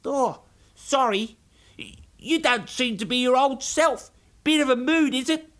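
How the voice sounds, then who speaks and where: A man's voice: very high voice, a little slow, a bit bright, pitched above the performer's own voice. A man voicing a gloomy male snail in a children's storybook, speaking in a doleful, matter-of-fact way.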